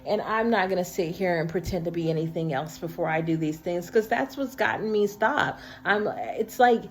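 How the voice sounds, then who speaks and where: A woman with a lowish, animated voice talks straight into the camera at a moderate pace, sharing personal thoughts casually and with heartfelt sincerity. The sound comes from a built-in camera or phone microphone.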